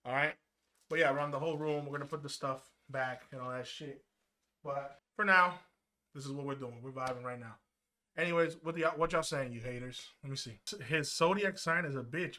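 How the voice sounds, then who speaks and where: Sharp-voiced, loud, animated male streamer. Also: a little high, moderate pace. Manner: loud, animated and profane, swinging into yelling. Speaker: streamer reacting to chat. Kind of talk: casual live-stream chat and storytelling.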